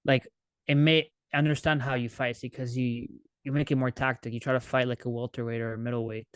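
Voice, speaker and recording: A man's voice: medium pitch, flat delivery, brisk, fairly bright tone, clear, resonant tone, no room sound. A man co-hosting a podcast in casual chat, joking and laughing as he talks. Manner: joking, laughs while talking. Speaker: podcast co-host.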